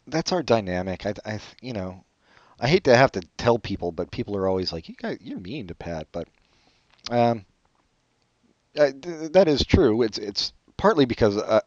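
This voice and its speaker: A man co-hosting a podcast in casual chat, joking in a sarcastic, deadpan way. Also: fairly low pitch, normal speed, dry recording, dull audio. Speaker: podcast co-host.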